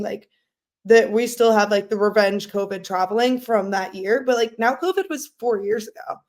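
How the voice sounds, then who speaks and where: Casual podcast chat, young woman, slightly high voice, loud and laughing. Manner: loud, animated storyteller who laughs often. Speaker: podcast co-host.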